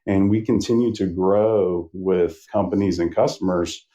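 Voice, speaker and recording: A man's voice: low voice, fairly even intonation, unhurried, warm tone. A middle-aged man from Northern California, a sales rep guest on a podcast, chatting casually and telling a rambling story with plenty of fillers.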